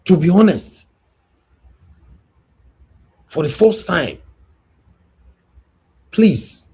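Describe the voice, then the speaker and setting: A man with a Nigerian accent hosting a live stream, moderating a heated call and preaching peace, scolding and at times shouting. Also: high voice, animated, drawn-out words, breathy edge.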